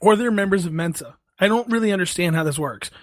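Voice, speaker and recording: A man's voice: sits high, animated, fast talker, dry recording. A man from Massachusetts hosting a podcast, hesitant and repeating words as he tries to steer the casual chat. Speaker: podcast host.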